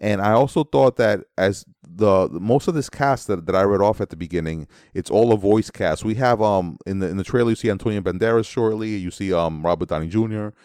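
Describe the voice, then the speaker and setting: A man co-hosting a casual movie review chat, expressive and joking as he gives his verdicts. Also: on the low side, brisk, hardly any pauses, no echo, studio quality. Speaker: podcast co-host.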